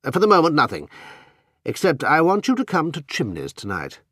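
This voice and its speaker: A man's voice: fairly high pitch, huge pitch swings, moderate pace, fairly bright tone, dry recording, clean studio sound, voice pushed up, heavily acted. A man reading an audiobook, voicing a confident, cool-headed English adventurer with an assured delivery. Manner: cool, assured, sometimes soothing.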